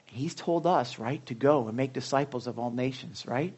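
A man preaching a casual, animated sermon, full of asides and jokes to the congregation. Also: medium pitch, normal speed, few pauses, slightly rough. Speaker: pastor. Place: hot church room.

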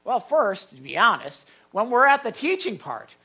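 A male pastor preaching a sermon in an animated way, repeating words and adding asides. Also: very high voice, normal speed, breathy edge.

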